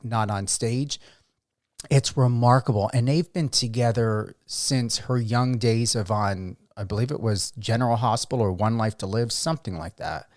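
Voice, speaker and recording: A man's voice: mid-range voice, a little mellow, no room sound, studio quality. A man with an East Coast American accent, hosting a casual interview in a chatty, enthusiastic way. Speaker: host.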